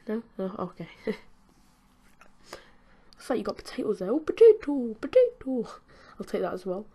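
A woman's voice: medium pitch, steady tone, normal speed, long pauses, warm tone, slightly rough. Giggly British woman chatting over gameplay. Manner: chatty and giggly, talks to game characters. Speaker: gaming channel host. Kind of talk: casual gameplay commentary.

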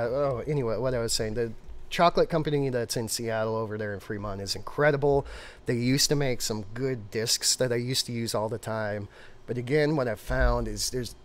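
A man co-hosting a casual brewing livestream, talking in a rambling, animated, digressive way. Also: mid-range voice. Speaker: brewer and show co-host.

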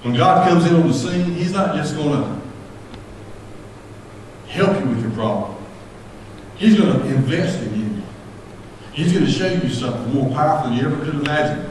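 High-voiced pastor in echoey hall. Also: male voice, animated, moderate pace, long pauses, a little hiss or hum. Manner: impassioned, shouting at peaks, folksy storytelling. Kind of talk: sermon. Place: church sanctuary. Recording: echoey church hall from far off.

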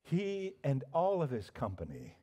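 A male pastor preaching a sermon, telling a story with animated emphasis and frequent restarts. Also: medium pitch, measured pace, slightly rough.

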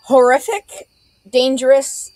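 A woman playing a party game, playful and quick to protest, caught on a laptop mic at home. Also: sits high, expressive, darkish tone, soft background music, poor audio. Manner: playful, quick to protest, swears when flustered. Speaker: game player. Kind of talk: casual banter while playing a party game. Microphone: laptop webcam mic.

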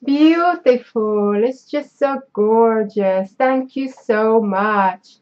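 A woman with a French accent chats through an unboxing vlog, sentimental and effusive in her thanks. She talks unhurriedly in a somewhat high voice. The recording sounds dull and lo-fi. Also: drawn-out words, a little mellow. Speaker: craft vlogger. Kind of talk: casual unboxing chat.

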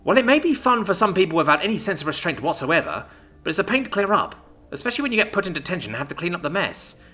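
A man voicing a young, mild-mannered female mage student who speaks calmly. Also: high voice, rapid-fire, pitched above the performer's own voice, heavily acted. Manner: calm, soft-spoken.

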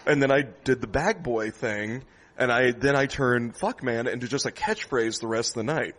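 A man, a stand-up comedian, telling a lively after-show story in a comedy club, laughing often and acting out the people in it. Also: mid-range voice, moderate pace. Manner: animated storyteller, laughs often, acts out voices.

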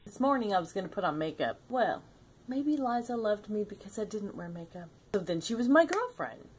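A woman's voice: mid-range voice, very animated, brisk, husky. An older woman vlogging in a casual, playful storytelling way, laughing often.

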